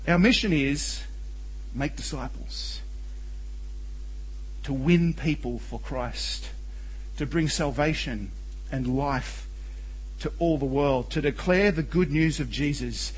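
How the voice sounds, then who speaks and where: Aussie pastor guy preaching in church, kinda husky, bit higher voice, earnest. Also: slow, long pauses, low-quality recording. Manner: earnest, emphatic, rhetorical questions. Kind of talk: sermon.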